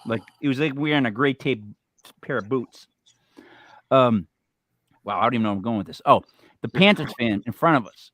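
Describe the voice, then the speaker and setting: A man's voice: mid-range voice, moderate pace, pauses often, no echo. A man hosting a casual fantasy football podcast, telling stories and ranting with swearing. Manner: animated, swears when ranting. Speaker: podcast host. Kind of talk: casual sports podcast chat.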